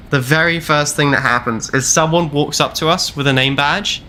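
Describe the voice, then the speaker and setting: A man's voice: fairly high pitch, normal speed, sharp tone, slight background noise. A young man streaming a game, casually telling a long rambling travel story with wry repeats. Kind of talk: casual storytelling while gaming.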